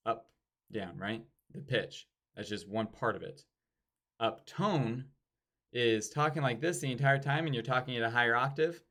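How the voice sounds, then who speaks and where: A man giving a casual sales training, acting out sample door-to-door pitches to show pauses and emphasis. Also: a bit bright.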